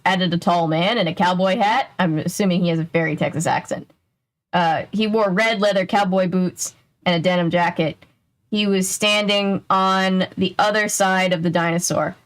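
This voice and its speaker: A woman's voice: fairly low pitch, steady tone, moderate pace. A young woman casually reading a children's mystery book aloud, breaking off for jokey, wry asides.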